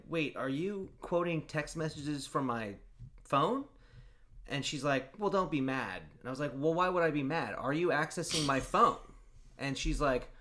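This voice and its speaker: Rambling, laid-back man telling a story. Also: mid-range voice. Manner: rambling storyteller, swears, reads chat logs aloud in a flat voice. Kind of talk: casual chat.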